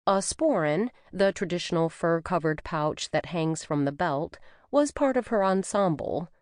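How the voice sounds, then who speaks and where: Woman narrator, lowish voice, lively intonation, dry studio sound. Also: unhurried, no room sound. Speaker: audiobook narrator. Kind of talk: scripted first-person narration. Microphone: studio microphone.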